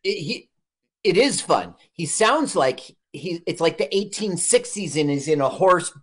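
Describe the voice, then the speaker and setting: A co-host reacting excitably to a movie, joking and exclaiming in casual chat. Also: medium pitch, measured pace, slightly rough. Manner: excitable, loud reactions and jokes. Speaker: podcast co-host. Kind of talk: casual movie-watching commentary.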